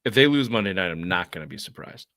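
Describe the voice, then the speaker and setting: A man's voice: low voice, fast. A man in his thirties with a Boston accent, co-hosting a casual sports podcast and joking profanely between stories. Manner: profane, joking, animated storytelling. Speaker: podcast co-host.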